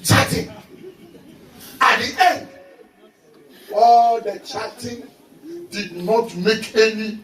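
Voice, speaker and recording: A man preaches in a fairly high voice, animated and often breaking into shouts as he tells stories. He sounds a little distant, in an echoey hall, and a congregation is heard responding. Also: drawn-out words, long pauses. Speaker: visiting pastor. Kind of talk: sermon with humorous storytelling.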